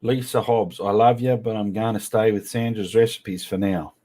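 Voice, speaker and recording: A man's voice: lowish voice, steady tone, normal speed, warm tone. A man hosting a casual live stream, reading out viewer comments in a playful, teasing way. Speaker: livestream host.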